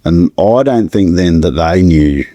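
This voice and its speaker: A middle-aged man with a halting manner, recounting a painful personal story as a podcast guest. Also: low voice, expressive, dark tone, no room sound, muffled recording. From Australia. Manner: halting, searching for words, with restarts.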